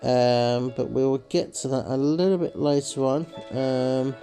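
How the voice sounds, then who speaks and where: A man's voice: medium pitch, fairly even intonation, a little slow, warm tone, soft background music, rough recording. A man hosting a slot game video, rambling casually to viewers with lots of "sort of" fillers and calling them folks. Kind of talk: casual gameplay commentary.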